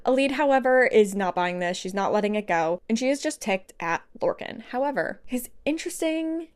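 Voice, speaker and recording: A woman's voice: fairly high pitch, normal speed, few pauses, clear, resonant tone. Chatty young woman recapping a book. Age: 20s. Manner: chatty, animated, laughs to herself. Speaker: book vlogger. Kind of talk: casual plot recap.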